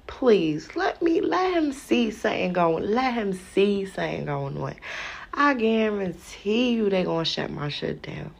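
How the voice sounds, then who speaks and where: A woman's voice: medium pitch, sing-song, slow, vocal fry, breathy edge. A woman hosting a podcast, venting in a casual, profane, exasperated way and often breaking into laughter. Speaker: podcast host.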